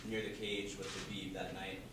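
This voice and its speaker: A man reporter asking rapid, rambling questions at a press scrum. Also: deep voice, flat delivery, background noise. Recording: distant echoey mic with crowd.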